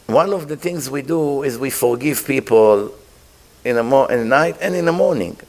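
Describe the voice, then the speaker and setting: A man's voice: mid-range voice, expressive, moderate pace, a little mellow. A man teaching a Torah class, asking his listeners rhetorical questions and mixing Hebrew terms into his English. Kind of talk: religious class.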